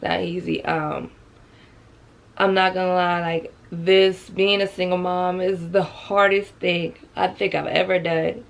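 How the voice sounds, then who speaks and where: A woman talks to her viewers in a slow, unhurried vlog. Her voice has a gravelly fry to it, and she sounds close to tears while staying chatty, calling them y'all. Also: lowish voice, level tone. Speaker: vlogger. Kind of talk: heartfelt casual vlog talk.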